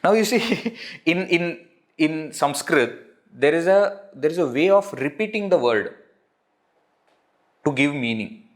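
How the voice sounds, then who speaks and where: Lively Indian man teaching Sanskrit. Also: on the high side, measured pace, long pauses. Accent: Indian English. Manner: lilting, repeats words and glosses each term in English. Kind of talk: live online language lesson.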